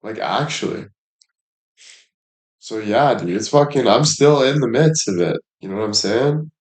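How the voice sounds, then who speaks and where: A man's voice: medium pitch, animated, a little slow, echoey room. A young man livestreaming, chatting casually in a rambling, profane, laid-back way.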